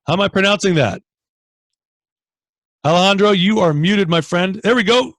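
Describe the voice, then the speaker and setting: Energetic Canadian man coaching a group. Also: sits high, moderate pace, dry recording. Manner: energetic, animated, acts out inner dialogue. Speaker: training manager hosting a call. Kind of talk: motivational coaching talk. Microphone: video call.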